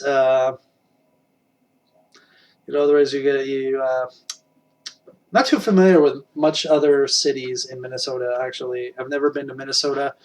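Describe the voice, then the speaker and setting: A middle-aged man hosting a live stream, rambling casually and chuckling while answering viewer comments. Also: on the high side. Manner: rambling, chuckles often, talks to chat.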